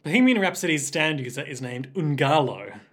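A man's voice: fairly high pitch, big pitch swings, fairly quick, fairly bright tone. Man rambling through a podcast recap. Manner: rambling, reads facts aloud with many fillers. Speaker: podcast host. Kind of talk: casual chat recapping a story.

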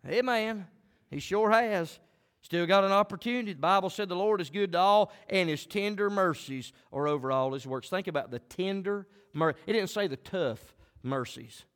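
A man preaching a sermon as pastor, animated and swinging between quiet talk and shouting. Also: high voice, moderate pace. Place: church. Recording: long hall reverb.

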